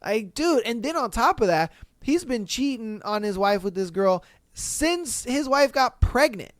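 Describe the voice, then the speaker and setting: A woman hosting a podcast, reading a listener's story aloud and reacting in an animated, slangy way with plenty of swearing. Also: fairly high pitch, measured pace, no echo, studio quality. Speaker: podcast host.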